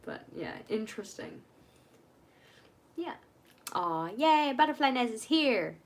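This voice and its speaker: A woman's voice: a little high, big pitch swings, slow pace, slight background noise. A young woman chatting casually on a live stream from home while she works on her journal, rambling and laughing at herself.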